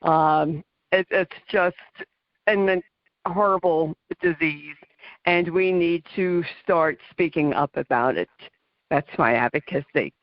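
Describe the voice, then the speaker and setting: A woman's voice: low-pitched, slow, no echo, highs cut off. Earnest woman hosting talk radio. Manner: earnest, advocating, with small laughs. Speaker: radio show host. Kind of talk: casual talk radio sign-off.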